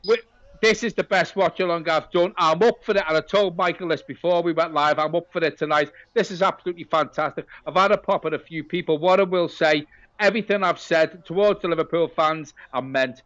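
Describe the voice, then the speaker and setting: A man's voice: fairly high pitch, fairly quick, fairly bright tone, no room sound, highs cut off. A man co-hosting a football watch-along stream in casual banter, cheekily rallying viewers like an auctioneer.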